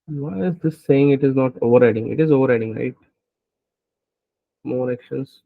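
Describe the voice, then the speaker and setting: This coding teacher speaks at a medium pitch and normal pace, with vocal fry, on a dry, tinny recording lacking room sound. Working through code live, he muses aloud, second-guesses himself under his breath, and keeps asking "right?"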